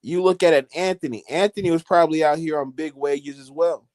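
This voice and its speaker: A man on a football podcast who gives his opinion in a measured, reflective way. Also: a little high, a little mellow, no echo. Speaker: podcast co-host. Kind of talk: casual football chat.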